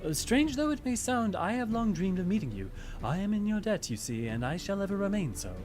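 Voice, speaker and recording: A man's voice: high-pitched, big pitch swings, fairly quick, a little mellow, faint music behind, voice pushed up. A man voicing a noble female knight commander in a game, speaking in formal, courtly phrasing. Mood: earnest.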